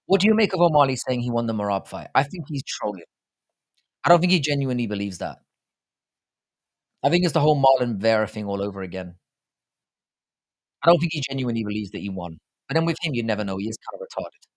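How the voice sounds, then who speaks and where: A man talks into a desk microphone at home while he hosts a live stream. His banter is blunt and full of swearing, and his voice sits at a middling pitch. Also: animated, fast talker, long pauses. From United Kingdom. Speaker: livestream host. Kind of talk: casual live chat reading comments.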